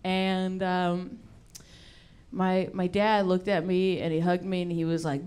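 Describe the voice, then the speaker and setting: A stand-up comedian from Texas, delivering a live set in a drawling, unhurried way and laughing between lines. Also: female voice, fairly low pitch, level tone, clean tone. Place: live comedy show venue. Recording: loud live audience laughter and noise.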